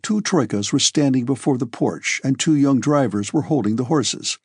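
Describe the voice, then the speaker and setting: A man narrating a classic novel as an audiobook in a measured, even reading. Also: medium pitch, husky, no room sound, clean studio sound.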